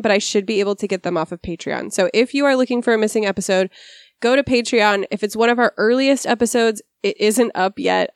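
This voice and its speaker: A woman's voice: mid-range voice, smooth, no room sound, clean studio sound. A woman in her thirties hosting a podcast, wry and often laughing, reading the show outro with some apology. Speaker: podcast host. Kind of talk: casual chat and show outro.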